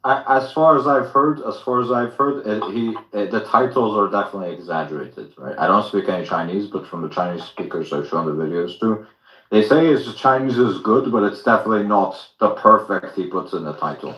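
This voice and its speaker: A man explaining in a measured, hedging way in casual podcast chat. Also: lowish voice, animated, sharp tone, echoey room, far from the mic, low-quality recording.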